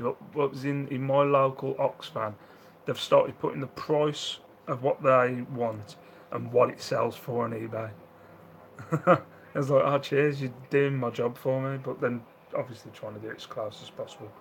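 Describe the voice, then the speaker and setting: A man's voice: mid-range voice, gravelly, a little hiss or hum, rough recording. A man chatting casually on a live stream at home, reading out viewer comments, laughing often and acting out the voices of people in his stories. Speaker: live-stream host reselling second-hand goods.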